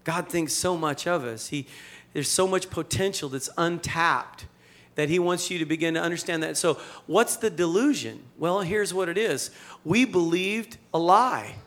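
A man preaching a sermon in a conversational, animated way, mixing jokes with rhetorical questions. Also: a little high, normal speed. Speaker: pastor.

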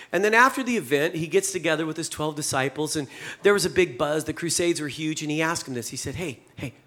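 A middle-aged male pastor preaching a sermon in a conversational, humorous way, acting out the scripture dialogue in lively voices. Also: on the high side.

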